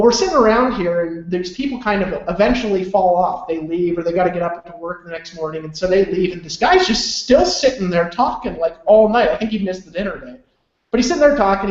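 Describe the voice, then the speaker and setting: A man's voice: high voice, darkish tone, reverberant, dull audio. A man presenting on a webinar, telling a motivational story in a loose, chatty way and often asking "right?" for agreement. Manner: loose and chatty with many fillers.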